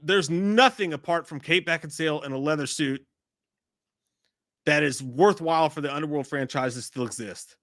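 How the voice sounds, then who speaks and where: A man co-hosting a casual movie chat, rambling in a crude, animated way. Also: fairly high pitch, moderate pace, dry recording, studio quality. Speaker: podcast co-host. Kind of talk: profane casual movie rant.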